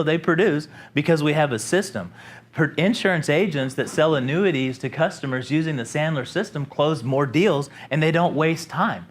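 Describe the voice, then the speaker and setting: A company president gives an informal sales training presentation, upbeat and animated, with a voice a bit high for a man. He acts out customers in a raised voice and quizzes the room with questions.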